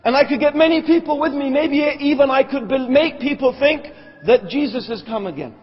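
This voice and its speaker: A man's voice: extremely high pitch, a little fast. A man giving a religious lecture, arguing emphatically point by point and asking the audience rhetorical questions. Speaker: Islamic lecturer. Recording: echoey hall, dull lo-fi sound.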